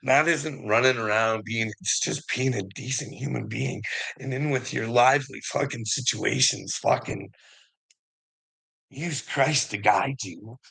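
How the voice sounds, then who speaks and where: A man's voice: mid-range voice, measured pace, gravelly, a bit bright, slightly rough, low-quality recording. A man rambling through a casual personal story, swearing freely and laughing often between lines. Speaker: vlogger.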